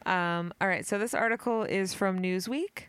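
A woman's voice: mid-range voice, moderate pace, fairly bright tone, clean tone, no echo. Giggly woman reading aloud, dry sound. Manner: giggly, stumbles on words while reading. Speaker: podcast host. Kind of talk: casual chat, reading an article aloud.

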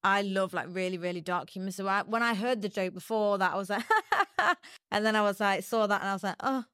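A young woman guesting on a podcast, chatty and rambling, quick to laugh as she talks. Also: medium pitch, fairly even intonation, fairly bright tone, clean tone, dry recording, clean studio sound. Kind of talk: casual podcast chat.

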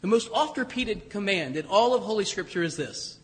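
A man's voice: sits high, lively intonation, normal speed, slightly rough. A man, a priest, giving a sermon in a conversational, self-deprecating way with asides. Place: church. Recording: long church reverb.

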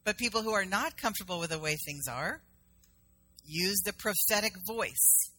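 A woman's voice: mid-range voice, sharp tone. A middle-aged woman minister from South Carolina giving a sermon in a conversational storytelling manner, acting out the dialogue in her stories.

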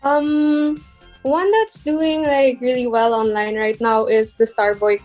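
A young woman with a slightly high voice chats easily about her craft, laughing often and filling with "like" and "um." Faint music runs underneath. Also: fairly even intonation, slow pace, a little mellow. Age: young adult. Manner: giggly, chatty, many fillers. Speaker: guest, crochet shop owner. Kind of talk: casual interview chat.

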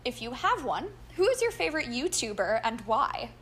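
A woman's voice: a little high, very animated, normal speed, fairly bright tone, slight background noise. A woman hosting a casual interview podcast, upbeat and gushing, laughing a lot as she reads out questions. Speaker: podcast host.

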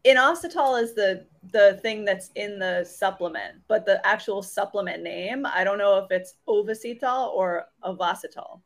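A woman's voice: mid-range voice, normal speed, hardly any pauses. Talkative woman cohost, lots of giggles, casual podcast chat. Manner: chatty, laughs often. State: congested nose. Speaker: podcast co-host.

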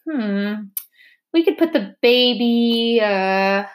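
A woman's voice: on the high side, expressive, drawn-out words. A woman voicing a flustered, scatterbrained woman doctor who hesitates and trails off.

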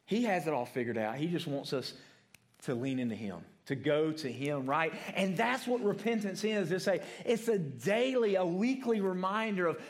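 High-voiced man preaching, chatty and questioning. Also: expressive, normal speed. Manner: asks the room questions, ends points with "right?"; repeats words and restarts often. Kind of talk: conversational sermon to adults.

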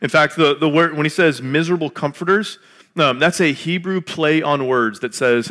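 A man in his late thirties, a pastor, preaching a relaxed, conversational sermon full of jokes and filler words. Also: a little high, normal speed. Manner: chatty and joking, lots of filler words.

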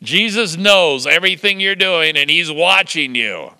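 A man's voice: a little high, measured pace, no echo. An older man preaching a sermon, telling stories with chuckles and acting out the quotes. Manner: lively storytelling with chuckles and acted-out quotes. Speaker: pastor.

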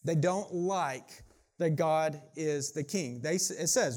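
A middle-aged pastor preaching a sermon in a conversational way, often saying "like" and restarting sentences. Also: male voice, on the high side, slow pace, a little mellow.

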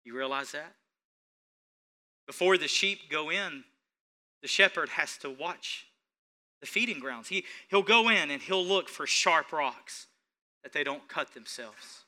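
A male pastor preaching a sermon, speaking straight to his congregation and swinging between hushed, tender passages and loud, rising ones. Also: on the high side, lively intonation, measured pace, pauses often. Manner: repetitive, direct address to congregation.

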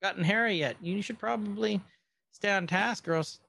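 A man's voice: high-pitched, normal speed, vocal fry, sharp tone, pitched above the performer's own voice, heavily acted. A man retelling a show, quoting a stern male imperial official in a blunt, threatening way in his own everyday voice.

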